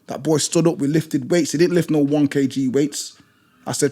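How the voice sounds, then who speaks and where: A British gym instructor talks in an emphatic, blunt way, hammering points home by repeating them. His voice sits a little higher than most men's. He tells his stories with drive and conviction. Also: steady tone, fairly quick, warm tone. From Britain. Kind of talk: passionate storytelling in conversation.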